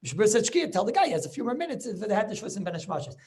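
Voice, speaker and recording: Fast-talking rabbi teaching over a video call. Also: male voice, sits high, big pitch swings, a little mellow. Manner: keeps checking listeners with quick questions; repeats words and restarts as he goes. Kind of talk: Talmud lecture.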